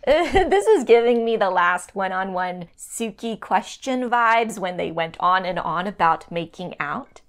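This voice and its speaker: Woman co-host, middle pitch, reads a recap with a wry edge. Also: expressive, a little slow, hardly any pauses. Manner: wry, laughs between lines. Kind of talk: reading a scripted recap.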